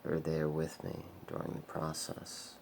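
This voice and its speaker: Man vlogger with a very low, gravelly voice. He talks in a rambling, halting monologue that at times sinks to a murmur. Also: monotone, darkish tone, a little hiss or hum. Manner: rambling, halting, heavy on filler "like". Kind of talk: confessional monologue.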